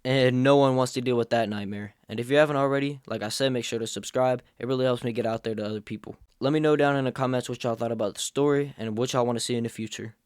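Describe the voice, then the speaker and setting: A man's voice: mid-range voice, fairly even intonation, fast talker, hardly any pauses, a little mellow, clean tone, dry recording, studio quality. A young man hosting a comedic storytime vlog, telling it with sarcastic jokes. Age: young adult. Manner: sarcastic, jokey. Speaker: storyteller host.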